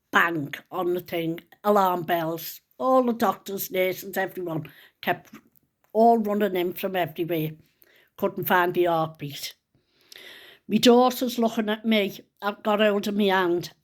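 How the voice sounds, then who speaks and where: Older woman, emotional storyteller, hushed and close to tears. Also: medium pitch. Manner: hushed and tearful at times, drops to whispers. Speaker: grandmother telling a personal story.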